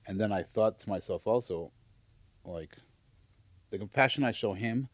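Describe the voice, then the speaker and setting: A man's voice: lowish voice, normal speed, no room sound. A man co-hosting a podcast in a casual, heartfelt conversation, hesitant and searching as he opens up about his own struggles. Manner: hesitant and searching, many fillers and restarts while opening up. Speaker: podcast co-host.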